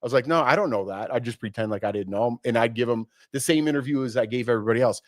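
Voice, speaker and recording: Animated man telling stories, dry mic. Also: medium pitch, racing, no room sound. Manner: animated storyteller, acts out quoted voices. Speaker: podcast co-host. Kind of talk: casual chat.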